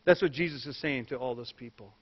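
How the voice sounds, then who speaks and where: A man preaching a sermon as pastor, telling stories with jokes in an animated way. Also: mid-range voice, fast talker. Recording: echoey hall, dull lo-fi sound.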